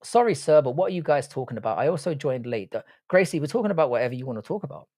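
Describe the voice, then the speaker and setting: A man's voice: mid-range voice, animated, rapid-fire, a little mellow. A man hosting a casual live stream, reading chat comments, talking bluntly with frequent swearing and rambling restarts. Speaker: livestream host.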